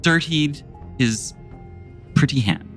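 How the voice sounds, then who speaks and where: A haughty British gentleman, put on by a man in a tabletop game, his put-on British accent pompous and snippy. His pitch rises and falls a lot as he looks down on everyone, with faint music under the table talk. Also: animated, takes it slowly, full character voice. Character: arrogant British gentleman, older male.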